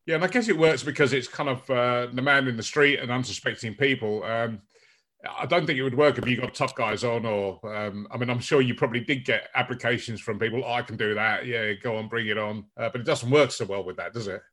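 A man's voice: medium pitch, fairly quick, fairly bright tone. A man hosting an interview, asking questions in a friendly, hesitant way with many fillers. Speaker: podcast host. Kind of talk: casual interview chat.

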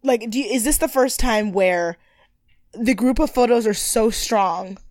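Woman podcast co-host, casual and animated, quick to swear and laugh, dry close sound. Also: on the high side, no echo. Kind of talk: casual recap chat.

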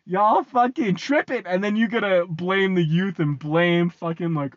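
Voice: medium pitch, measured pace, hardly any pauses, dry recording. Young adult, American accent, casual rant, swears a lot, repeats phrases, laughs often, muffled lo-fi dry audio. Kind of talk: casual ranting monologue. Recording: dull, lo-fi, dry sound.

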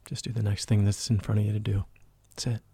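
A man talking as a guest in an interview, telling a personal spiritual story in an earnest, emotional way. He often drops into a hushed voice when he quotes people. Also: fairly low pitch, little pitch movement, fast talker, creaky, breathy edge, dry recording, studio quality. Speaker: podcast guest, spiritual life coach.

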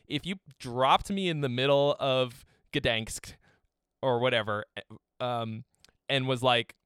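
Man, from massachusetts, smooth clear voice, dry sound, profane and joking. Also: medium pitch, fairly bright tone, no echo. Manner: profane, joking, mimics people. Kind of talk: casual chat.

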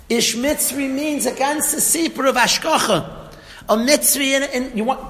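High-voiced man telling a Torah story. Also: unhurried, gravelly, roomy sound, in a large hall. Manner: lively storytelling, acts out lines of the story. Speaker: Torah teacher. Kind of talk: animated Torah talk.

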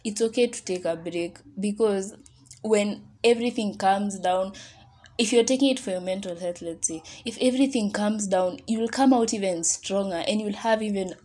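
A woman's voice: medium pitch, moderate pace, a little mellow. A young woman hosting her own podcast, talking casually and encouragingly to listeners, full of fillers like "like". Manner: chatty, heartfelt, encouraging, with many "like" fillers. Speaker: podcast host. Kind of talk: casual solo podcast talk.

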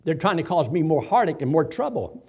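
A man preaching a sermon as a pastor, swinging his emphasis hard from soft asides to loud declarations. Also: on the high side, sing-song, fairly quick, breathy edge.

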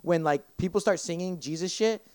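A man's voice: high-pitched, fairly quick, no echo. A young man, a podcast guest, telling a long story in casual chat, swearing constantly and acting out what people said. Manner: profane, rambling, animated retelling with acted-out quotes.

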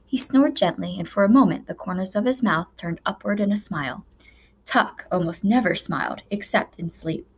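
A woman reading a children's novel aloud as a narrator, with measured, expressive storytelling. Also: mid-range voice, vocal fry, husky. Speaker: audiobook narrator. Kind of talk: scripted narration.

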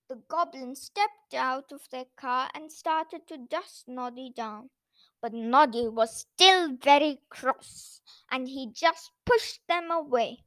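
A woman hosting a children's bedtime story show, reading aloud in a gentle, expressive storybook manner. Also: high voice, slow, dry recording. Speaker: storyteller host.

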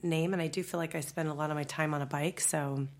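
A woman cycling instructor, under the weather with a stuffed-up, husky voice, chatting casually as a podcast guest. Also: deep voice, steady tone, fast.

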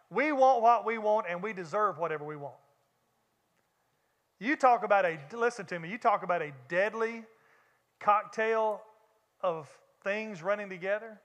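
A man with a Southern US accent delivering a sermon, talking straight to the congregation in an easy, conversational way. His voice sits high and sounds bright and forward. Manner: conversational preaching, addresses congregation directly. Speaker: pastor.

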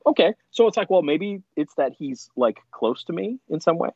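Animated laughing man telling stories. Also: a little high, moderate pace, slightly rough, no echo, highs cut off. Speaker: podcast guest. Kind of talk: casual storytelling chat.

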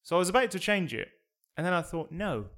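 A wry man teases his co-hosts on a podcast. His voice is bright and sits a bit high for a man. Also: very animated, fast. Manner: wry, teasing, swearing. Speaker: podcast co-host. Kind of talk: casual banter.

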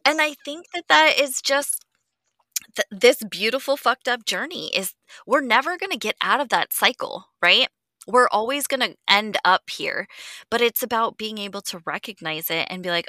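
Woman podcast host, bright clear tone, candid and reflective, swears casually, dry close sound. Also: fairly high pitch, lively intonation, moderate pace, no room sound. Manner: earnest and reflective, swears freely, sometimes drops to a near whisper. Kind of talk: candid conversational chat.

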